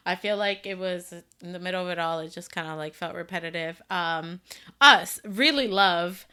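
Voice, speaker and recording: A woman's voice: lowish voice, moderate pace, sharp tone, smooth. A woman co-hosting a casual pop music podcast, gushing about songs with lots of filler words. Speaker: podcast co-host. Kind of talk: casual chat.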